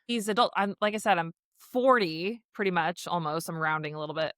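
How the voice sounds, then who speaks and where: A woman's voice: on the low side, fairly quick, a bit bright, no room sound. A woman in her thirties, a podcast guest and speaker, chatting casually, laughing often and quoting herself. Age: 30s. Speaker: podcast guest, teen mental health speaker. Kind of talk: casual interview chat.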